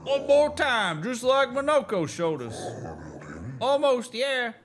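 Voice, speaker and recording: A man's voice: extremely high pitch, big pitch swings, slow pace, a crowd in the background, voice pushed up, heavily acted. A man voicing a chirpy male creature coaching someone, in an encouraging tone.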